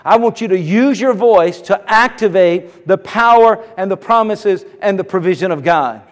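A man's voice: high voice, moderate pace, big-room sound. A middle-aged man preaching a sermon as pastor, fervent and emphatic, with repeated exclamations.

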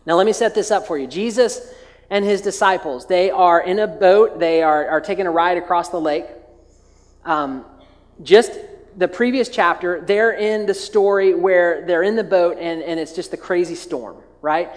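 A man's voice: sits high, normal speed. A man preaching as a pastor, retelling a scripture story in a chatty, humorous way with lots of filler words and restarts. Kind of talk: casual humorous sermon storytelling. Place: large church hall. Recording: long hall reverb.

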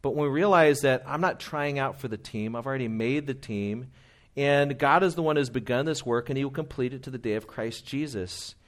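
A man's voice: medium pitch, a little fast. Earnest conversational male preacher. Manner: earnest, conversational, quotes scripture and hymns. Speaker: pastor. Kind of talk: sermon.

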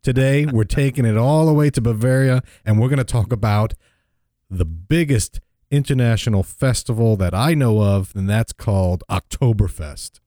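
A man's voice: medium pitch, moderate pace, mellow, dry recording, clean studio sound. A man hosting a podcast in a jokey, rambling casual chat and laughing often. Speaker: podcast host.

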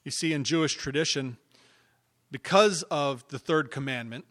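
Male pastor with a slightly high voice, emphatic preaching that swings between hushed and loud. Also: normal speed. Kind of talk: sermon.

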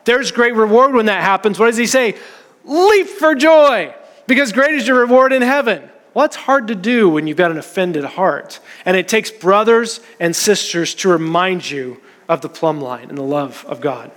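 A man with a high, light voice preaching an earnest, conversational sermon to his congregation. The sound carries a long reverb from a large church hall. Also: moderate pace, few pauses, a bit bright. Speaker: pastor.

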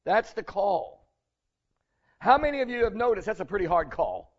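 Casting: male pastor, fairly high voice, earnest conversational sermon, slightly muffled recording. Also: big pitch swings, moderate pace. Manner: earnest, conversational preaching with rising emphasis.

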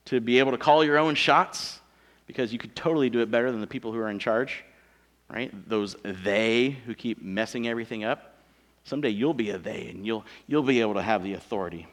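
A man's voice: mid-range voice, big-room sound. A man in his thirties preaching a sermon in a casual, joking, self-deprecating manner. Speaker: pastor.

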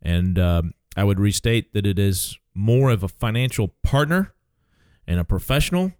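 A man's voice: on the low side, lively intonation, moderate pace, a little mellow, no room sound. A man in his sixties hosting a casual financial talk show as an advisor, speaking emphatically and tagging his points with "okay?".

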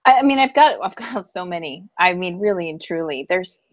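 A woman co-hosting a live-streamed chat, telling a personal story in an animated way and laughing often. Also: lowish voice, a little fast, dry recording, muffled recording. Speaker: podcast co-host and psychic reader.

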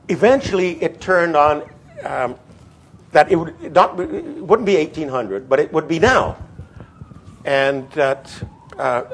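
A man giving a classroom history lecture, halting and repeating words, pausing to stress key terms as he reads a passage aloud. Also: mid-range voice.

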